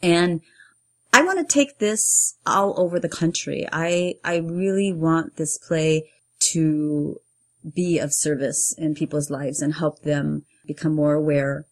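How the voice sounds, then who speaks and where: A middle-aged woman, a playwright and performer, telling her own story in an earnest way and getting lively when she acts out what people said. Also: low voice, slow. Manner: earnest, animated when acting out quotes. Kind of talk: personal storytelling interview.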